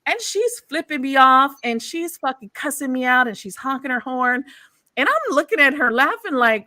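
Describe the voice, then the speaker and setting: Profane, animated woman telling stories. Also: sits high, moderate pace, no echo, clean studio sound. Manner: animated, profane storytelling with laughs. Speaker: host. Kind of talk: casual chat.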